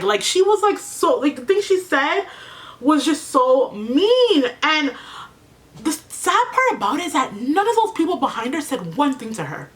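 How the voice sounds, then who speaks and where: A woman's voice: sits high, very animated, a little slow, fairly bright tone. A woman vlogger telling a painful personal story to her viewers, chatty, full of fillers and close to tears. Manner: chatty, fills with "like", speaks to viewers as "you guys". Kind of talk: emotional get-ready-with-me storytelling.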